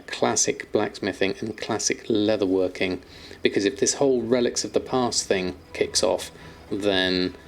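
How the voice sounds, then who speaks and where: Chatty man, low voice. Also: slight background noise. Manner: chatty, reads viewer questions aloud, many ums and fillers. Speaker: streamer answering chat. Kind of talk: casual live-stream chat.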